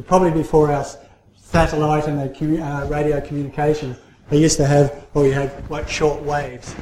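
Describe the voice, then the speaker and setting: Halting man telling a church story, echoey. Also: on the high side, dark tone, slight background noise. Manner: halting, many fillers and restarts. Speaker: church speaker giving a children's story. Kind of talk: informal sermon. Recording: roomy hall echo.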